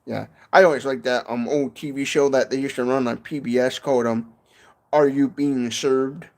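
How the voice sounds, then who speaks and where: Michigan guy rambling on a livestream, keeps saying and stuff, mid-pitched voice, outdoors on his porch. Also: fairly even intonation, moderate pace, darkish tone. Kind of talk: casual livestream chat.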